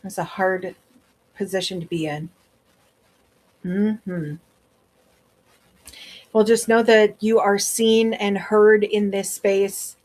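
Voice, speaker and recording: A woman's voice: mid-range voice, fairly even intonation, takes it slowly, pauses often, a little mellow. A woman with a Wisconsin accent chatting casually on a livestream as a seller, rambling with many fillers. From Wisconsin, USA.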